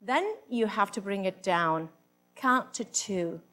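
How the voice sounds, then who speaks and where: A woman's voice: mid-range voice, expressive, takes it slowly, sharp tone, faint music behind. A woman on stage playing a brash, worldly woman who coaches other ladies, with theatrical moans and a bossy, instructing manner. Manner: theatrical, swooping moans and sighs. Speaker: stage performer. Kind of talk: live comic monologue reading.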